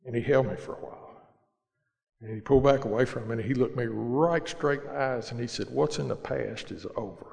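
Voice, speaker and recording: Middle-aged male speaker, earnest and plain, average pitch, long hall reverb. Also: fairly quick, vocal fry, darkish tone. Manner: earnest, plain-spoken, with repeated restarts. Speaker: speaker sharing his recovery story. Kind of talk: personal storytelling talk.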